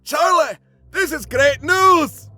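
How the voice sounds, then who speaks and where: A lovesick young male slasher who gushes with breathless, mock-romantic devotion, as a man puts him on. His voice sits strikingly high and strained, with faint music in the background. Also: moderate pace, fairly bright tone, no room sound. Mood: incredulous.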